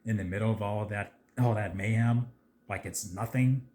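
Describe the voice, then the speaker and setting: A man chatting casually about a movie trailer, rambling with lots of fillers and getting excitable at times. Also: lowish voice, moderate pace. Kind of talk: casual video commentary.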